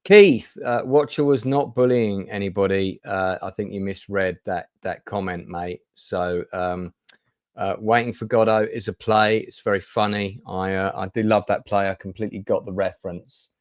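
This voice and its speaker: A man's voice: on the low side, fairly even intonation, moderate pace, clear, resonant tone, no echo. Chatty man hosting a stream. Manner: chatty, stumbling, many fillers and restarts. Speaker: host. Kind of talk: casual livestream chat show.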